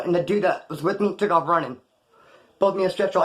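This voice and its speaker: Middle-aged man, fairly high voice, rambling profane monologue about prison days. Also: quick pace, a little hiss or hum. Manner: profane street slang, rambling. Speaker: storyteller recounting prison life. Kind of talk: casual monologue.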